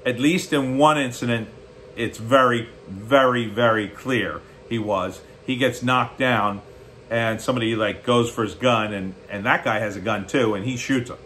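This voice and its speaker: Man, American, blunt sarcastic commentary, bright forceful voice, faint background hiss. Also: medium pitch, normal speed. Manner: blunt, sarcastic, rising to mocking outbursts. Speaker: political commentary host. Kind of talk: opinionated solo commentary.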